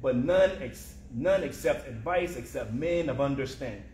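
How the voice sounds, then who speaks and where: A man voicing a pious older woman traveler who answers only in scripture, in a calm, measured recitation. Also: mid-range voice, a little hiss or hum, natural voice. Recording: roomy echo.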